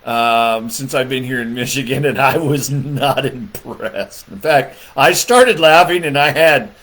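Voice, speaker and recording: Slow-talking man ranting and chuckling. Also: mid-range voice, fairly bright tone. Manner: laughs often, crude, meandering with fillers. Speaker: political comedian. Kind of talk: rambling comedic rant. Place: Michigan.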